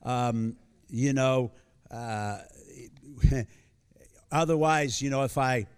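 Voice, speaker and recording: A man's voice: mid-range voice, extremely slow, darkish tone, clear, resonant tone. An American man in his sixties, a visiting pastor giving a live sermon to a congregation, talking in a folksy, joking way with many fillers and restarts. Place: church before a congregation.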